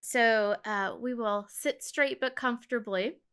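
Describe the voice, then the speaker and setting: A woman co-hosting a podcast, chatting and leading a guided meditation at an unhurried, soothing pace. Her voice is fairly high, smooth and clear. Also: sharp tone. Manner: slow, measured, soothing delivery. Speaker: podcast co-host.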